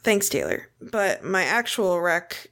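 A woman co-hosting a podcast in casual chat, blunt and quick to swear and laugh. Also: on the low side, very animated, fairly bright tone. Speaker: podcast co-host.

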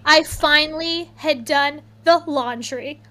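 Woman, 30s, bright high voice, chatty anecdote-teller, casual podcast banter. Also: takes it slowly, very noisy. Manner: animated, rambling, many "like"s. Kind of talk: casual storytelling chat.

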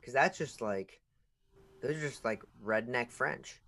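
A young man co-hosting a casual podcast, his voice sitting at an ordinary middle pitch. He rambles, stacking fillers and restarting his sentences as he goes. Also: measured pace, gravelly, pushed and bright. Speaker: podcast co-host. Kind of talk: casual chat.

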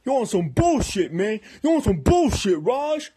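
A man voicing a big, swaggering tough guy who loudly brushes off blame with slang, in a comedy skit. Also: sits high, very animated, unhurried, breathy edge, exaggerated voice. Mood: defensive. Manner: loud, slangy, defensive.

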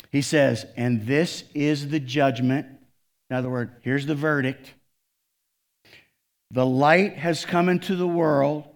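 A man preaching from the pulpit in an animated sermon. His voice sits at an ordinary middle pitch. He drops low and soft, then climbs loud and high for emphasis. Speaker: pastor.

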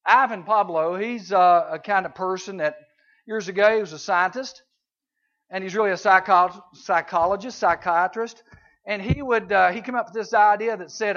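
A middle-aged man with a high, bright, forceful voice gives a folksy talk to youth at a camp. He tells homely stories and throws in sound effects and little voices. The recording is dull and lo-fi. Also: moderate pace. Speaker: camp speaker.

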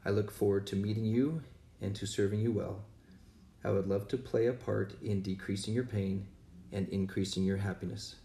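A man with a low, mellow voice reads a measured promotional intro. He sounds roomy and set back from the mic, with plenty of room reflection around him. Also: steady tone, vocal fry. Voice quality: measured, spells things out slowly. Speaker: podcast host. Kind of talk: scripted promo. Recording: roomy recording from a distance.

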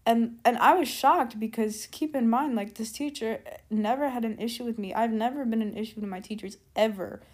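Her voice sits a little high and moves at a moderate pace with hardly any pauses. She's a storytime vlogger rambling casually through her tale, sprinkling in "like" and "keep in mind" asides and backtracking whenever she loses her thread.

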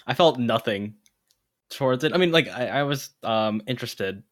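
A man co-hosting a casual book discussion podcast, low-key and laid-back in his delivery. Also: expressive, moderate pace, fairly bright tone, dry recording. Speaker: podcast co-host.

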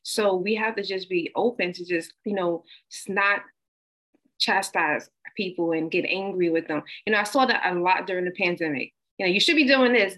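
A woman speaking in a casual group discussion with a somewhat low voice. She talks conversationally and explains things in a teaching tone. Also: fairly bright tone, poor audio. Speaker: discussion participant.

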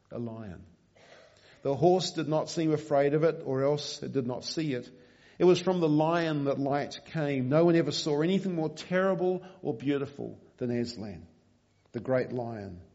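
A man preaching a sermon, reading a story aloud in a measured, quiet way. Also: mid-range voice. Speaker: pastor. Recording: dull lo-fi recording.

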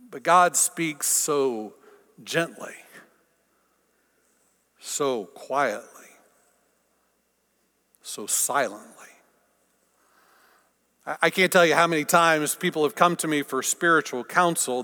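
A pastor preaching a sermon, swinging from forceful lines down to hushed whispers. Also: male voice, on the high side. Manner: dramatic swings from loud to whispered. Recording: long reverb of a large hall.

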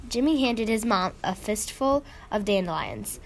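A woman reading a children's devotional story aloud in a gentle, measured way. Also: mid-range voice, very animated, slight background noise. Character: kind, allergic mother, gentle and warm. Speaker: devotion reader. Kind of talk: scripted children's devotional narration.

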